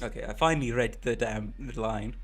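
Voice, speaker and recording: A man's voice: medium pitch, moderate pace, faint music behind. A man streaming a game, chatting casually with his viewers in slangy talk and laughing easily. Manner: giggly, slangy, talks to chat.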